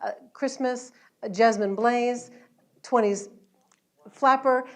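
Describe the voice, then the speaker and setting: A woman's voice: fairly high pitch, fairly even intonation, slow. A woman, an educational entertainer, chatting and telling stories to an audience at an event after her show. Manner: chatty, warm storytelling with laughs. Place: event hall at a luncheon.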